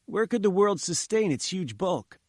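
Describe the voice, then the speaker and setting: A man's voice: high voice, big pitch swings, normal speed, no echo, studio quality, pitched above the performer's own voice. A man reading an audiobook, voicing a polite, deferential young man answering questions.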